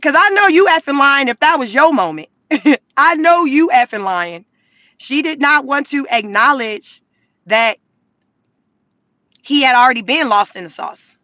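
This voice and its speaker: A high-voiced woman delivers a blunt, mocking rant full of profanity. Her tone is bright and cutting, recorded close and dry inside her car. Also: lively intonation, a little slow, long pauses, no echo. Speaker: vlogger. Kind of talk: casual commentary rant.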